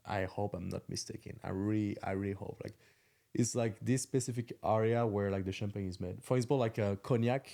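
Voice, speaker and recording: Young French man, French accent, guest on a podcast. Quick, gravelly delivery, halting English full of fillers. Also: on the low side, fairly even intonation, warm tone. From France. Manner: halting, many fillers, searches for English words. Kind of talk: casual chat.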